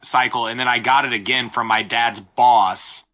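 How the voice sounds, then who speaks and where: A man's voice: medium pitch, fairly even intonation, moderate pace, pushed and bright. A man in his thirties, a guest on a podcast, rambling loosely in casual chat.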